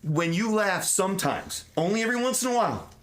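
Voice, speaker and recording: A man co-hosting a podcast in casual banter, rambling with restarts and breaking into loud laughs. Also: sits high, expressive, a little fast. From Italian-American. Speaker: podcast co-host.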